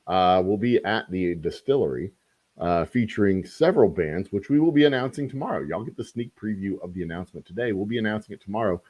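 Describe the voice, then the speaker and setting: A man's voice: low-pitched, lively intonation, fairly quick, darkish tone, husky, no room sound. A man, hosting a casual distillery livestream and chatting to viewers with rambling, joking asides. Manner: rambling, talks to chat, self-deprecating jokes.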